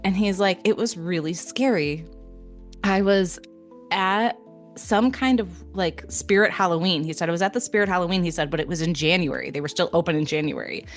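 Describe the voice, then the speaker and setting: Young adult female podcast co-host, low-pitched and chatty, storyteller energy over faint music. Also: moderate pace. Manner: animated, laughing retelling with many fillers. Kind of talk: casual storytelling chat.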